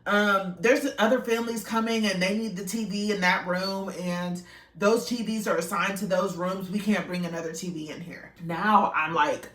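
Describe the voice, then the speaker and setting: A woman's voice: medium pitch, steady tone, normal speed, a bit bright, reverberant, distant mic. A young woman casually telling a rambling, emotional storytime, swearing freely and acting out what people said.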